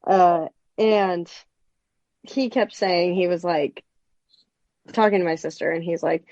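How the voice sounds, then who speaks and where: A woman co-hosting a podcast, telling a story in relaxed, chatty casual conversation. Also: lowish voice, slow pace, pauses often, dry recording, dull audio. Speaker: podcast co-host. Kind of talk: casual chat.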